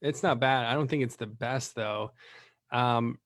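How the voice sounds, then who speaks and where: Man, casual business chat, rambling, animated, many fillers, dry close sound. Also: medium pitch, a little slow, no room sound. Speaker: lead-generation business owner.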